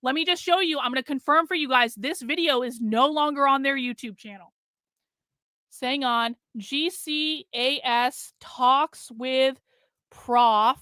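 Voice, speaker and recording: A woman's voice: sits high, unhurried, bright, forceful tone, no room sound, studio quality. A middle-aged woman on a live stream, ranting in fury, swearing and repeating herself. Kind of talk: angry live stream rant.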